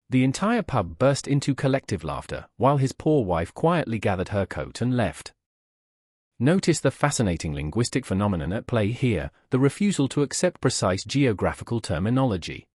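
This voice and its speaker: A man's voice: medium pitch, very animated, normal speed, a little mellow, husky, no echo, clean studio sound. A man narrating scripted anecdotes in a wry storytelling manner.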